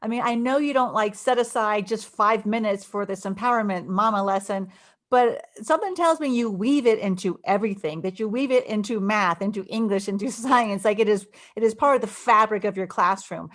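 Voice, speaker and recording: A woman's voice: medium pitch, a little fast, a bit bright. A woman hosting an interview, asking thoughtful, probing questions with hesitant restarts. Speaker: interview host. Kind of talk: conversational interview.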